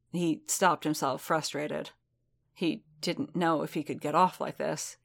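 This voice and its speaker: A woman narrating fiction in a measured, steady reading. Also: sits low, creaky.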